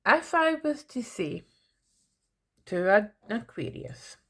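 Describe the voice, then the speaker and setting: Speaking straight to her viewers, a middle-aged tarot reader gives a chatty, teasing reading. Her voice is on the high side and very animated, but she takes it slowly.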